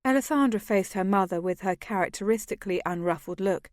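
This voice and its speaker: A woman's voice: mid-range voice, a little fast, few pauses, a little mellow, dry recording. Woman narrating an audiobook, dry sound. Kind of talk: scripted narration.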